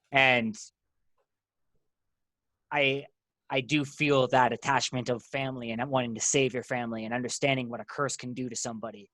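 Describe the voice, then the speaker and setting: Brief: male player, earnest and declaiming, middle pitch, dry. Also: level tone, normal speed, long pauses, pushed and bright, no room sound. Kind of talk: playing a tabletop game.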